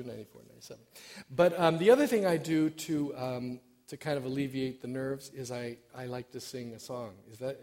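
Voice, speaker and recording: A man's voice: mid-range voice, a little mellow. Self-deprecating middle-aged male lay preacher. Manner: self-deprecating, hesitant with many fillers. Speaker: church stewardship director preaching. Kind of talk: informal sermon.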